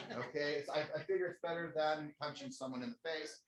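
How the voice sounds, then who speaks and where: A man's voice: on the high side, fairly even intonation, brisk, hardly any pauses, crowd noise. Man telling a funny story in an echoey room. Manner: self-mocking, chatty, with frequent restarts. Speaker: company CEO. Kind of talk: humorous storytelling to a live audience. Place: stage in a large room.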